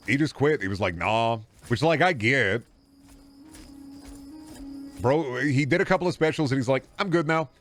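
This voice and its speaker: A male streamer talks through his gameplay in a loose, rambling, jokey way, swearing freely. His pitch jumps around a lot as he goes, and faint music plays under him. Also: a bit bright. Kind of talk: casual chat while streaming a game.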